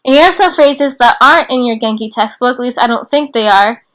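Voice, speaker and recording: A young woman teaching a casual beginner class in an informal, chatty way, slowing down to repeat phrases. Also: on the high side, a bit bright. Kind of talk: casual online lesson.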